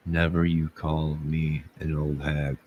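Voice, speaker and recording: A deep-voiced man hosting a livestream, trading jokes with his chat in a mock-offended tone. He talks slowly and lets each line drag out, as if playing up his outrage for viewers. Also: little pitch movement, highs cut off, slight background noise. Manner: mock-indignant joking, talking back to chat.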